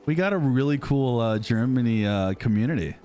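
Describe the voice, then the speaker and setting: This American-accented man from the United States, in his thirties, talks fairly quickly with lively intonation and a warm tone at medium pitch. He's casually chatting on a live stream, reading comments, rambling and self-deprecating. A little hiss or hum is present.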